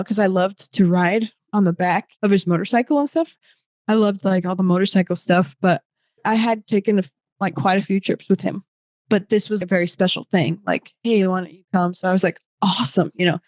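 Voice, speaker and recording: A woman's voice: mid-range voice, brisk, a little mellow, no echo. A young woman telling a personal story as a podcast guest, casual and emotional, with lots of fillers.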